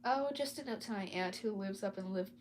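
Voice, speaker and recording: A woman's voice: medium pitch, fairly quick, darkish tone, a little hiss or hum, close to an everyday voice. A woman voicing a nervous young girl in a read-aloud story, speaking hesitantly. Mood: evasive.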